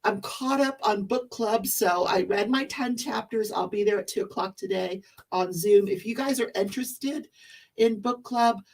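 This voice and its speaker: A woman's voice: mid-range voice, moderate pace, recorded from a distance. A woman hosting a craft livestream, chatting casually and greeting viewers. She is losing her voice. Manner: chatty, explains rules, greets viewers by name.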